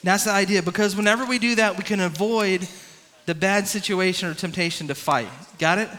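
Man as youth pastor, high and bright, interactive coaching delivery, reverberant hall. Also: fairly quick. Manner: energetic, interactive, coaching and calling on the crowd. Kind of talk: youth sermon with a live swimming demonstration.

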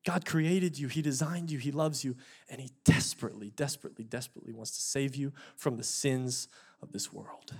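A man's voice: medium pitch, fast talker, a little mellow. A young adult man preaching a sermon with an altar call, earnest and pleading, repeating words for emphasis. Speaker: pastor.

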